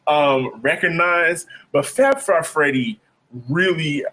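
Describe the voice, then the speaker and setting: Male DJ co-host, relaxed storyteller with an average-pitched voice. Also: unhurried. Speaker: podcast co-host, DJ. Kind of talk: casual chat.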